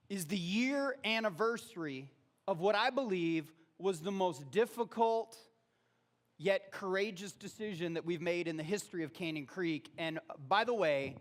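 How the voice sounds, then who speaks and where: A man preaching a sermon in a church, talking casually and rising loud on quoted verses. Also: high voice. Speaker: pastor. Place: church auditorium.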